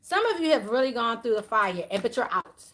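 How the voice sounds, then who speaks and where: A woman giving a spiritual tarot reading to her viewers, talking straight to them in an animated, preachy way with frequent exclamations. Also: fairly high pitch, fairly quick. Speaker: tarot reader.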